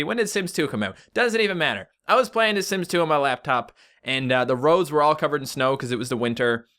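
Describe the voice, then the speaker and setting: A man's voice: mid-range voice, pushed and bright, clear, resonant tone. A young Canadian man with a Canadian accent, chatting casually and jokingly as he reads and answers viewer tweets. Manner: chatty, joking, rambling asides. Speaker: YouTuber. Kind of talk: casual vlog reading tweets.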